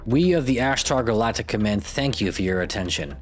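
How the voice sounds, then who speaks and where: A man's voice: lowish voice, expressive, fairly quick, soft background music. A man hosting a podcast, reading out stories with irreverent, profane, jokey asides. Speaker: podcast host. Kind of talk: comedic podcast narration.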